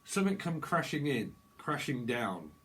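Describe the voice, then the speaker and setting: A man's voice: mid-range voice, big pitch swings, moderate pace, fairly bright tone, rough recording. Rambling, swearing tarot reader, man. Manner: rambling, swearing, laughing often, slangy. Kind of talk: casual tarot reading monologue.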